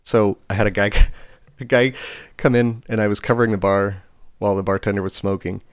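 A man with a lowish voice, chatting casually on a podcast. He tells stories from his bar job in an animated way and mimics the people he quotes. The sound is dry and close. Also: a little fast, clear, resonant tone, no room sound. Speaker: podcast co-host; bartender. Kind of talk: casual chat.

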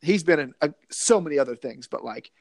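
A man's voice: on the high side, lively intonation, a little fast, vocal fry, no room sound. Chatty man with a dry close sound. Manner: loose, rambling, jokey. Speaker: podcast co-host. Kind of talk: casual movie chat.

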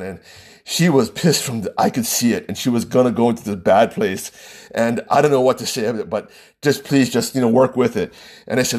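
A man, a wedding planner, telling a personal anecdote in a casual, animated way, laughing often between lines. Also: medium pitch, normal speed.

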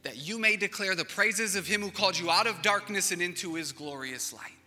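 A man in his thirties preaches to a congregation with a bright, forceful voice that sits a little high for a man. He tells stories with animated, acted-out voices and moves between loud peaks and near-whispered passages. His words carry a long reverb from a large church hall. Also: brisk, soft background music. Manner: animated storytelling, acts out panicked voices, swings from loud to hushed. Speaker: pastor. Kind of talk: sermon.

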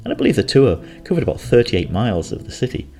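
A man's voice: mid-range voice, huge pitch swings, quick pace, gravelly, warm tone, faint music behind. A man casually recounting a trip in a rambling, chatty way, often correcting himself. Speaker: travel storyteller. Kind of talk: casual travel recollection.

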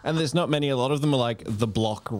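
A man's voice: mid-range voice, fast, darkish tone, slight background noise. A man chatting casually on a podcast, giving short, easygoing replies. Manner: easygoing, short replies, plugs his own show. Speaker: podcast co-host.

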